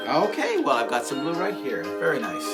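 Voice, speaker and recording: A man's voice: mid-range voice, huge pitch swings, a little fast. A man hosting a children's show, upbeat and encouraging, leading a sing-along. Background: music.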